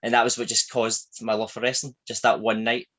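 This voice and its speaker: A man with a thick Glaswegian accent tells stories in a casual podcast interview. He talks in an animated, chatty way at a middling pitch. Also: a little fast, rough recording. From Scotland. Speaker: guest, wrestling shop owner.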